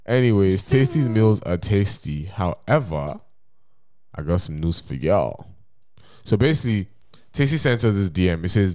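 A man's voice: sits low, big pitch swings, moderate pace, darkish tone, no room sound, clean studio sound. A young man co-hosting a casual podcast, telling rambling stories and reading a message aloud, punctuation and all. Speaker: podcast co-host. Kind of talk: casual chat.

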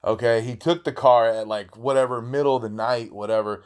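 A man's voice: medium pitch, fairly even intonation, a little fast. Podcast host, man, swears constantly, rambles through stories in slang and restarts. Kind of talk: casual storytelling monologue.

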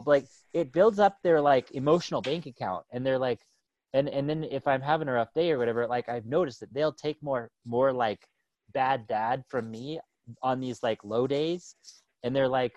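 A man's voice: mid-range voice, moderate pace, no room sound, highs cut off. A man in his thirties chatting casually as a podcast co-host, rambling with lots of "like" and "right?" and laughing often. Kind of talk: casual chat.

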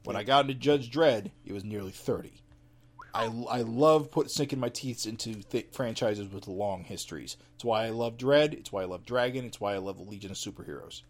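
A man's voice: lowish voice, fairly quick. A man co-hosting a podcast, explaining in a knowledgeable, casual way. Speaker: podcast co-host. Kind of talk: casual chat.

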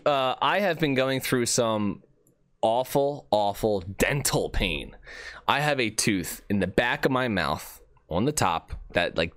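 A man hosting a casual podcast, rambling in an animated, self-joking way while nursing an aching tooth. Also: on the low side, no room sound, studio quality. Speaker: podcast host.

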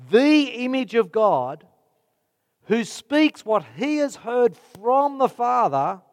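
Slow, high-voiced male preacher. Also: big-room sound. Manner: slow, deliberate preaching with weighty pauses. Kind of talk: sermon.

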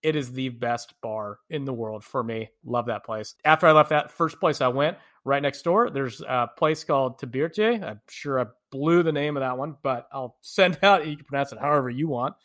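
A man's voice: medium pitch, normal speed, few pauses, fairly bright tone. A man, a podcast co-host from the United States, animatedly telling travel stories in a casual chat, laughing often.

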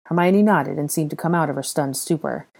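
A woman narrating a story in a low, darkly mellow voice. Her reading is steady and even, with the calm pace of an audiobook. It suits long storybook passages. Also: brisk, creaky. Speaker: reader. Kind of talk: audiobook reading of fan fiction.

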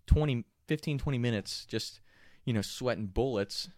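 A young man telling a story casually, animated and profane, often laughing mid-telling. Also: mid-range voice, moderate pace, dry recording, studio quality.

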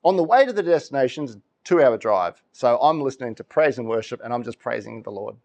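Animated man preaching. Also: mid-range voice, quick pace, highs cut off. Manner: animated storytelling, laughs often, acts out voices. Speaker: pastor. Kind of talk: sermon.

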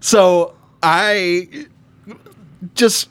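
A man's voice: sits high, very slow, a bit bright, smooth, no echo. A man co-hosting a podcast in casual chat, laughing often and slipping into an old-timey movie voice. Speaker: podcast co-host.

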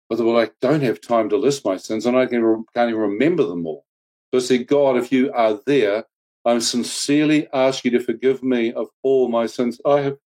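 A man, earnestly recounting a personal near-death testimony with reflective pauses and wry humor. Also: mid-range voice, darkish tone. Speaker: guest telling his testimony.

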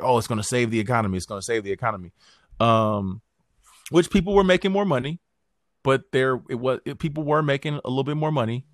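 A man hosting a podcast, talking politics in a casual, animated way, full of slang and swearing and quick impressions of other people. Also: mid-range voice, no room sound, studio quality. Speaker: podcast host.

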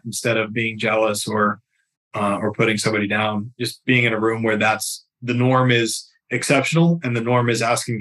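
A man's voice: medium pitch, normal speed, fairly bright tone. A man speaking as a podcast guest, talking casually with frequent restarts and fillers. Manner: hesitant, many restarts.

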